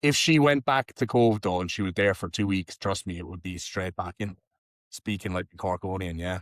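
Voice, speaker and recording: A man with a Tipperary Irish accent, hosting a casual podcast chat and telling lively stories with plenty of swearing. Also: deep voice, normal speed, no room sound, clean studio sound. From Ireland. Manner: lively storytelling, frequent swearing. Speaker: podcast host.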